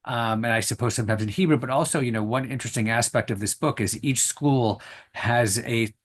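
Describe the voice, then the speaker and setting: A man's voice: mid-range voice, a little fast. A man moderating a lecture Q&A over a video call, speaking hesitantly with many fillers and restarts.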